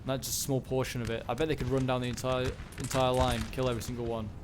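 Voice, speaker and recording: Here a gaming commentator talks fast in a level, mid-range voice, loosely thinking aloud about an in-game fight with many fillers and self-corrections. Game audio full of loud gunfire and battle sounds fills the noisy background.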